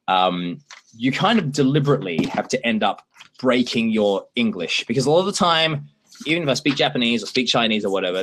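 A man's voice: lowish voice, slight background noise. A man from Australia in his thirties, hosting a casual livestream chat with jokey, playful asides. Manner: animated, jokey, playful broken-English bits. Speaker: livestream host.

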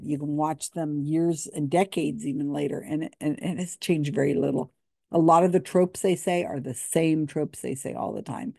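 A woman's voice: sits low, gravelly, mellow, no echo, studio quality. A woman giving casual, sarcastic commentary with a skeptical edge. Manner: sarcastic, skeptical, laughs often. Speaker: commentator on psychic readings.

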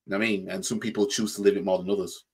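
Yorkshire bloke, reaction host, low husky voice, repeats himself, casual rant. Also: male voice, level tone, very fast, darkish tone. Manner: repeats "you know what I mean", stammers on restarts; mocking mimicry in quoted voices.

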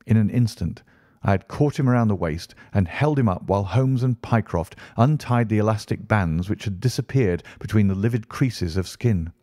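Low, mellow male audiobook narrator. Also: no echo, studio quality. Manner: measured, steady reading. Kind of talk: scripted narration.

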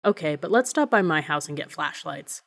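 An earnest, quietly bold teenage boy from an audiobook, voiced by a woman reader. His voice sits fairly low, and he stumbles over his words when he is nervous. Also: lively intonation, normal speed, vocal fry, full character voice.

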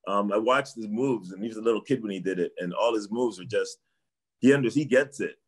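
A man's voice: fairly low pitch, a little fast. A middle-aged man from Canada, a martial arts trainer chatting casually as a guest, rambling and repeating himself. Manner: rambling, repeats himself, trails off with "I don't know". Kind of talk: casual sports chat.

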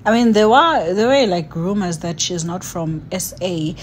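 A woman vlogs in a casual, chatty way, talking straight to her viewers. Her voice sits a little low. There is a faint hiss behind her. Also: unhurried. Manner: chatty, speaks directly to viewers. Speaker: vlogger. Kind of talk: casual vlog commentary.

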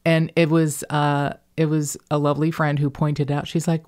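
A woman hosting a podcast, with a faint Northern Kentucky accent in her vowels and cadence. She talks in long, rambling, animated stories full of asides. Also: sits low, a little fast, few pauses. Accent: slight Northern Kentucky. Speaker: podcast host. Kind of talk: casual podcast chat.

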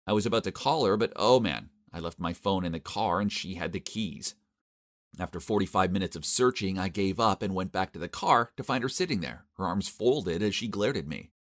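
Young male narrator, deep voice, exasperated and complaining, scripted animated-story read. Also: brisk.

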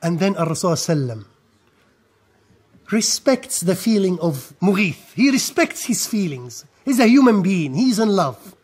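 A male lecturer with a notably high-pitched voice delivers a recorded history talk as animated storytelling. He poses rhetorical questions and swings between hushed asides and emphatic, raised lines. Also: a little slow, breathy edge.

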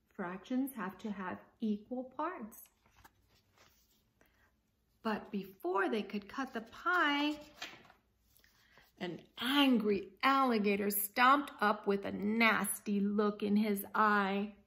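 A woman reading a picture book aloud to a child, gentle and slow, stopping to explain. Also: mid-range voice. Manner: frequent fillers before reading. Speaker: story reader.

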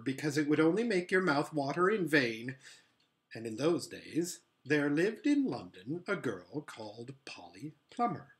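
A man narrating a children's novel aloud in an expressive, measured storytelling manner. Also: mid-range voice. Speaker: audiobook reader.

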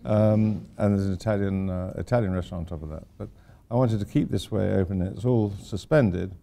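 A man's voice: lowish voice, brisk, gravelly, mellow. An older man, an architect giving an informal lecture, rambling through anecdotes with wry asides.

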